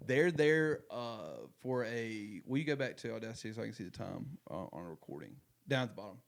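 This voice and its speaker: A man's voice: lowish voice, animated, a little fast, gravelly. Rambling young man hosting a podcast. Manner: rambling, lots of fillers and restarts. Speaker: podcast host. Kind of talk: casual chat.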